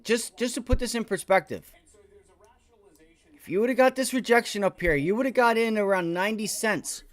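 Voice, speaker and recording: Excitable, profane day-trading streamer. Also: male voice, sits high. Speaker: livestream day trader. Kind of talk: live trading stream commentary.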